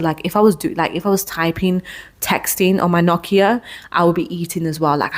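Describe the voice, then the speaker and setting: A woman in her thirties, hosting her own podcast, talks through a personal story with a lowish voice. Her delivery is candid and loose, full of restarts and asides as she circles back on her thoughts. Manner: candid, rambling, with frequent restarts and "like". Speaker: podcast host.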